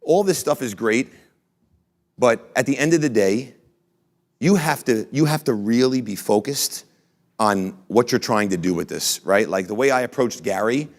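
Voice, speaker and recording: A man, a company founder, telling blunt, energetic motivational stories to a live audience and swearing casually. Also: medium pitch, normal speed. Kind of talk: motivational storytelling talk.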